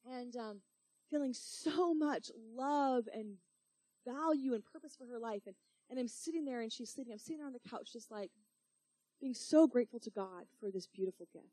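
A woman's voice: fairly high pitch, moderate pace, mellow. A young woman preaching through a personal story, talking in a casual, emotional way full of "like" and "you know". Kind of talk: sermon storytelling.

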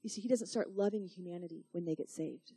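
A woman's voice: on the low side, fast, dark tone, breathy edge, dry recording. A young woman preaching through a personal story, talking in a casual, emotional way full of "like" and "you know". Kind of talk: sermon storytelling.

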